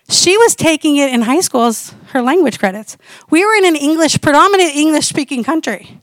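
Lady in her 40s sharing a missionary testimony, high voice, dry close sound, chatty storyteller. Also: brisk, no room sound. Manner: animated storytelling, conversational. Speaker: missionary speaker. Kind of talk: testimony sermon.

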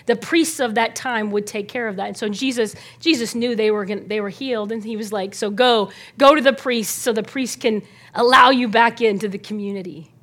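A woman teaching a Bible passage in a relaxed, conversational way, often asking her listeners to imagine the scene and checking in with "right?". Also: on the high side, fairly quick, few pauses.

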